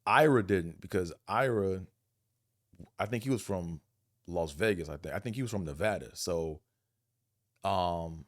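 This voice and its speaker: A man from Buffalo with a Buffalo accent, hosting a casual monologue vlog, rambling and animated, profane, often mimicking other people's accents. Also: sits low, a little slow, pauses often, dry recording, studio quality. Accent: Buffalo, New York. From Buffalo, New York. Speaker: vlog host.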